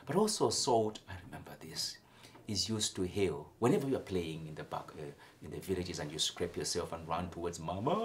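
A man from Africa preaching a homily, with sudden loud emphatic lifts and soft near-whispered drops. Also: deep voice, lively intonation, moderate pace, a little hiss or hum. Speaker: priest.

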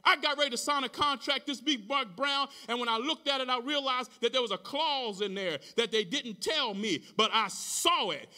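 A man pastor preaching a sermon in a rhythmic style, repeating phrases, slowing down for emphasis and calling out to the congregation. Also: very high voice, expressive, sharp tone. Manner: preaching with call-and-response to the congregation.

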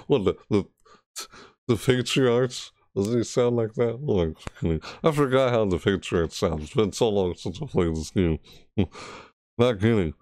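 A man's voice: lowish voice, animated, unhurried, a little mellow, no echo, clean studio sound. A man giving casual, rambling reaction commentary on a game, chatty and full of restarts. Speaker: gaming video creator.

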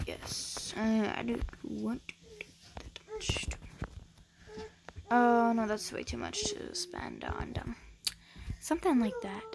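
A chatty woman talks casually as she plays a game, rambling along with plenty of fillers. Her voice sits a little high with a gravelly edge. A steady hiss and clicking noise run under the noisy home recording. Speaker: gaming vlogger. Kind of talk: casual chat over gameplay.

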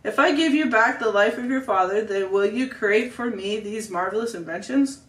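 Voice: medium pitch, normal speed, a bit bright, recorded from a distance, natural voice. A family reader putting on an impatient, pompous Roman governor who keeps pressing for answers. It is a read-aloud storybook voice. The sound is roomy, and the mic is set back from the speaker.

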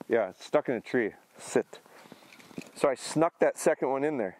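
A middle-aged man training a hunting dog outdoors, explaining his approach in a relaxed way between short commands. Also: moderate pace, a little hiss or hum. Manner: high excited praise to the dog. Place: outdoors in a field.

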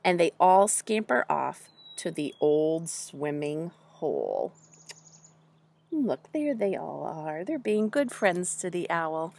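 Animated, breathy teacher reading to children. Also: female voice, low-pitched, takes it slowly. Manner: animated, gasping, questioning, speaks to children. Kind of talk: children's story time read-aloud.

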